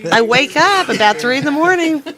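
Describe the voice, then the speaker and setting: Woman guest, teasing and animated, busy noisy room. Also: high voice, fairly quick, a crowd in the background. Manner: lively, teasing, laughs along. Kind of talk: casual group chat.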